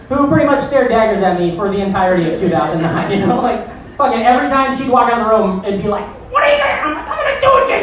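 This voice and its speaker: A man's voice: sits high, a little hiss or hum. A man hosting a stand-up comedy show, telling a loose, profane, rambling story to the crowd. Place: comedy club stage. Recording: roomy, distant club recording.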